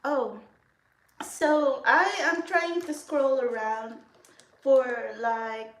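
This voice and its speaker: A giggly, rambling woman chats her way through a makeup routine, breaking into laughter often. Her voice sits a little high and she takes her time with her words. The sound bounces around a roomy, echoey space at home. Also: fairly even intonation, very slow. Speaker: vlogger. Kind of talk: casual makeup vlog chat. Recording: echoey room.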